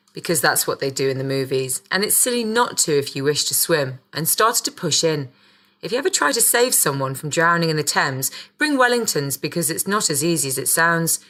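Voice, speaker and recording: Low, bright-voiced woman narrating wryly. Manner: wry, sardonic storytelling. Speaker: audiobook narrator. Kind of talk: first-person audiobook narration.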